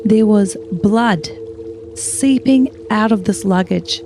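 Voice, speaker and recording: A woman's voice: mid-range voice, slow, a little mellow, a little hiss or hum. A woman co-hosting a true crime podcast, telling the story in a dramatic, chatty way with swearing asides, recorded in a hotel room. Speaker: podcast co-host.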